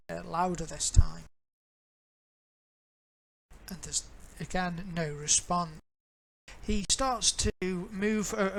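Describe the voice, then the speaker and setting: A woman narrating a tabletop game as game master, in a relaxed, halting way. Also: lowish voice, a little hiss or hum, poor audio. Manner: relaxed, halting with fillers and restarts.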